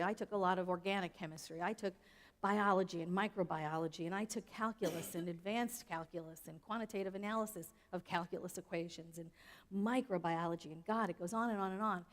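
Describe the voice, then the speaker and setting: A woman's voice: lowish voice, brisk. A woman minister giving a sermon in a conversational way, often asking the audience questions. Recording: long hall reverb.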